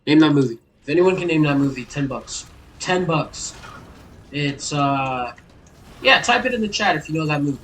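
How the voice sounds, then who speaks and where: A man giving loud, exasperated gameplay commentary as a gaming YouTuber. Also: on the high side, expressive, normal speed, distant mic, rough recording.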